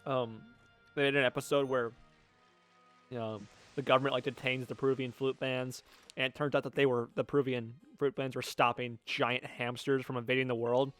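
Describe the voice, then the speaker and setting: A man's voice: medium pitch, flat delivery, normal speed, a bit bright, faint music behind. Male co-host, casual, rambling, sweary storyteller. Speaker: let's play co-host. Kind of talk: casual chat.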